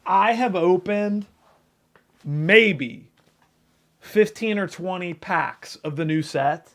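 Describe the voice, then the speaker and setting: A man hosting a casual livestream, reading viewers' names aloud and chatting in an excitable, profane way. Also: on the high side, creaky. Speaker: livestream host.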